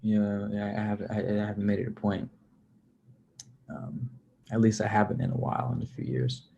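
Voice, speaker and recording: A man rambling in a relaxed, casual way as he answers his livestream chat. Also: on the low side, moderate pace, vocal fry, lo-fi sound, a little hiss or hum. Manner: rambling, relaxed, with many fillers and restarts.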